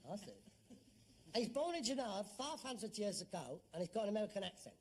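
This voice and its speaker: A man's voice: sits high, sing-song, fairly quick, background noise. A man playing a sarcastic, scornful grown son in a sitcom, with a mocking, exasperated way of talking. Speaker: actor in sitcom. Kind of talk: 1970s sitcom acting.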